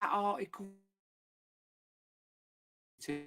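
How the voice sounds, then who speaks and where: A man's voice: very slow, bright, forceful tone. A British man chatting casually on a live stream from home, laughing often and swearing freely. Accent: British English. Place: at home with his dog.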